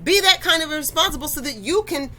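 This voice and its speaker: A woman's voice: sits high, expressive, fast, pushed and bright, rough recording. A woman hosting a faith talk, addressing listeners directly in a conversational, preachy way. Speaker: podcast host.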